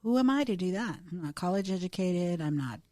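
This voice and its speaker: A woman's voice: lowish voice, lively intonation, brisk, warm tone, no echo, clean studio sound. A woman co-hosting a podcast, telling a personal story in a chatty, self-deprecating way with the odd swear word. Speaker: podcast co-host. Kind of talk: casual storytelling chat.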